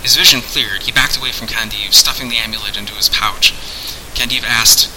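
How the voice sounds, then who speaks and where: A man reads a fantasy tale in a measured, dramatic audiobook style. His voice sits at a middle pitch but sounds very bright. A faint hiss runs under the recording. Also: fairly even intonation, rough recording. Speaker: narrator.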